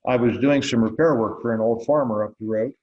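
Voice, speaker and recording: A man's voice: medium pitch, fairly quick, a little mellow, highs cut off. Older man telling a folksy story. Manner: folksy, wry storyteller who acts out dialogue. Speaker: interviewed blacksmith. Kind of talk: relaxed storytelling in an interview.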